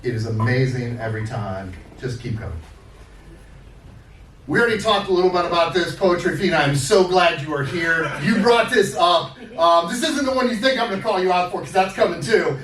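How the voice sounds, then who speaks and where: Friendly male poet talking to the crowd between pieces; animated, roomy live sound from a distant mic. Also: high voice, brisk, few pauses. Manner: friendly, laughing, filler-heavy asides. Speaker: featured poet. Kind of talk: casual banter at an open mic. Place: live open mic at a studio. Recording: roomy, distant mic, faint room noise.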